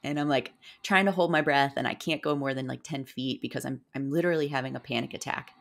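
A woman's voice: very deep voice, fast talker, creaky, fairly bright tone. A woman guest on a podcast, telling a personal story in a rambling way with many fillers. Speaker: podcast guest, psychedelic guide. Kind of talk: casual storytelling interview.

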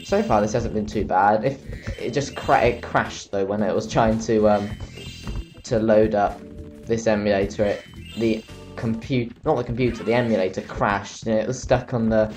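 A man's voice: lowish voice, fairly even intonation, normal speed, a little mellow, faint music behind. A tired young man giving rambling, self-mocking commentary while playing a video game. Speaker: let's play commentator. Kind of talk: casual gameplay commentary.

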